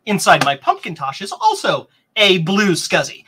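A rambling, chatty man hosts a casual live stream with a bright, forward tone. He wanders between explanations and viewer comments, and now and then his pitch jumps up with excitement. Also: normal speed, slightly rough. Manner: excitable, bursts into higher pitch. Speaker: host of a vintage computer stream.

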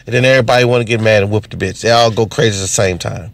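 A man's voice: on the low side, rapid-fire, vocal fry, hardly any pauses, dry recording. A man doing an unscripted, profane comedy rant as a stand-up comedian. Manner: profane, animated, ranting.

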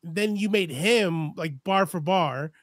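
A man co-hosting a casual podcast chat, lively and playful, laughing easily between points. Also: high voice, slow, no echo, studio quality. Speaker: podcast co-host.

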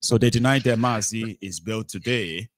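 A man's voice: fairly low pitch, moderate pace, no echo, clean studio sound. Nigerian man hosting a call-in chat. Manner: mixes Pidgin and Yoruba phrases, animated. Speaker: host of political talk show.

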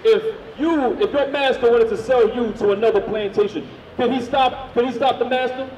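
A man street preaching, loudly firing questions at the crowd and drilling his points home. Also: very high voice, normal speed, lo-fi sound, a little hiss or hum. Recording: echoey, from far off.

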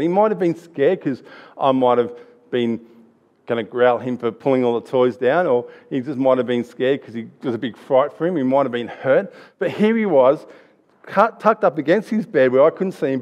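A man's voice: mid-range voice, expressive, moderate pace, a little mellow, muffled recording. A man in his thirties with an Australian accent, giving a chatty, anecdotal church sermon with restarts. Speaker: preacher.

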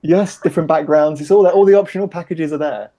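A man's voice: a little high, fast talker, a crowd in the background. A middle-aged man from Britain, a guest on a casual call-in interview, chatty and jokey with easy laughs. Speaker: interview guest, business owner.

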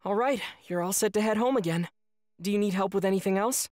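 A woman voicing a kind, calm teenage boy swordsman who speaks steadily and politely, in an anime fan dub. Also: medium pitch, fast, no room sound, clean studio sound, lightly acted.

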